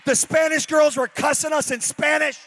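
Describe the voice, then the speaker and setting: High-voiced, animated man preaching. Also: normal speed, creaky, slight background noise. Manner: animated storytelling, rising to shouted high-pitched peaks. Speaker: pastor. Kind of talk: sermon.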